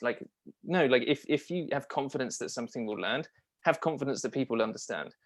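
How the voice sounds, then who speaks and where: A man's voice: mid-range voice, a little fast. A man being interviewed as a copywriter and marketing strategist, talking casually and enthusiastically with frequent fillers and restarts.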